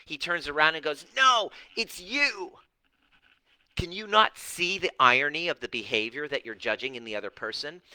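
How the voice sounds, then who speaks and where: Blunt, preachy man with a bright voice. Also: a little high, no room sound, rough recording. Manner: blunt, profane, preachy, with mocking put-on voices. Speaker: relationship and healing coach. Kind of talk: direct-to-camera talk answering viewers.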